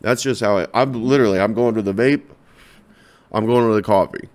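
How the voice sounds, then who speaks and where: Man, very low voice, comedian podcast host, deadpan rambling monologue, talks to listeners. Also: fairly quick, clean tone.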